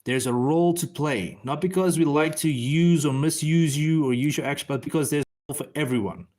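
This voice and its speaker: A man's voice: a little high, a little fast, a little mellow. Rambling, swearing man at a drawing desk. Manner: loose, profane, thinks aloud and answers viewers. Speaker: comic artist streaming while drawing. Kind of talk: casual rambling livestream chat.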